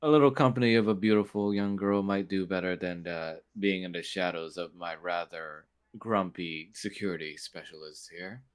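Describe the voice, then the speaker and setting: A man's voice: low voice, steady tone, normal speed, hardly any pauses, clear, resonant tone, close to an everyday voice. A man voicing a genial, slyly amused male crime boss in a tabletop game.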